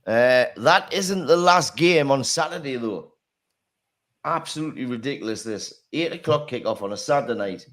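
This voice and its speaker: A man's voice: mid-range voice, animated, moderate pace, a bit bright. A man hosting a casual football chat, laughing often and swearing freely as he reads out predictions. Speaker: podcast host.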